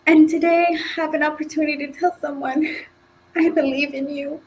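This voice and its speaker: A woman's voice: sits high, flat delivery, fairly quick, darkish tone, lo-fi sound. A woman in her forties from Nicaragua, speaking as a podcast guest with an emphatic, heartfelt and encouraging motivational style. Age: 40s. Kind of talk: motivational talk.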